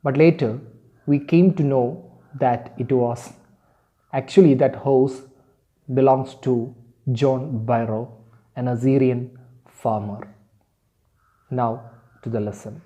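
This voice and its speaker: Slow-paced male teacher explaining a story. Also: mid-range voice, fairly even intonation, dark tone, lo-fi sound. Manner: slow, explanatory, with hesitant fillers. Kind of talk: online class lesson.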